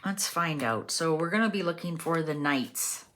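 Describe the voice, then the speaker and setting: A woman with a deep, expressive, slightly bright voice does a chatty tarot reading at normal speed. She muses aloud as she turns over the cards, filling the monologue with lots of filler words.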